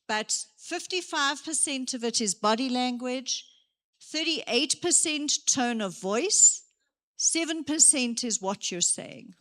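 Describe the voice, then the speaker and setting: A woman giving a motivational career talk to young people, lively and acting out her examples. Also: sits high, slow. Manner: lively, acts out examples, moves around while speaking. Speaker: career day speaker. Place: church hall.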